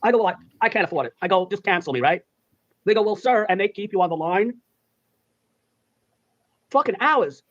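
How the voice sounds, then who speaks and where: A man's voice: high-pitched, animated, a little fast, long pauses, fairly bright tone. A man telling a profane comic rant, swearing and acting out both sides of a phone call. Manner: swearing, acts out phone calls. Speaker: storyteller in a played clip. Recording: dull lo-fi clip audio.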